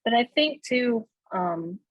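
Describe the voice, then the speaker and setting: A woman's voice: on the high side, slow, no echo, highs cut off. A woman telling her life story as an interview guest, candid and conversational, often tagging her sentences with "right?" and laughing between thoughts. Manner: animated, frequent "right?" tags and laughs. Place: Florida.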